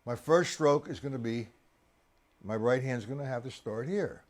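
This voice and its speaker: A man teaching drums on a live stream, chatty and coaxing, counting beats aloud with loud accents on the downbeats. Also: medium pitch, moderate pace. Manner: chatty, coaxing, addresses viewers directly. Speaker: drum teacher. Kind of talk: live-streamed drum lesson.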